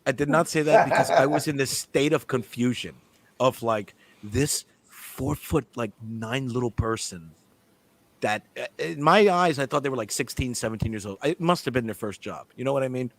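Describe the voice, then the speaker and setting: A man telling a story in casual chat, swearing freely and acting out the dialogue with lively energy. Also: medium pitch, moderate pace, gravelly, no room sound. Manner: animated, profane, acts out the dialogue. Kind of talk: casual storytelling among friends.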